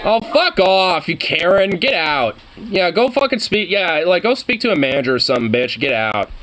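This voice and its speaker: A man's voice: sits high, sing-song, moderate pace, a crowd in the background, noisy background. A young man reacting to a video, ranting in a heated, profane, casual way.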